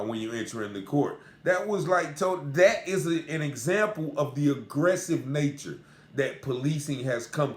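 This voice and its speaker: A man earnestly recounting a personal encounter in a casual, repetitive, conversational way. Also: fairly high pitch. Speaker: storyteller. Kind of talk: casual spoken account. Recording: roomy echo.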